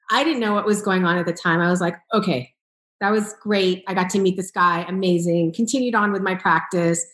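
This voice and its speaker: A woman in a conversational interview, telling a personal story with lots of laughter and acted-out quoted dialogue. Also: medium pitch. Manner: animated, laughs often, acts out quoted dialogue. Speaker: author and entrepreneur telling her story. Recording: roomy echo.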